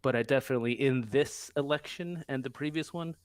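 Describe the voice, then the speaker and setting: A man from the United States speaks as a guest in a casual chat. His voice sits in a middle range and sounds dry and close. He talks haltingly, often restarting his sentences. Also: mid-range voice, dry recording.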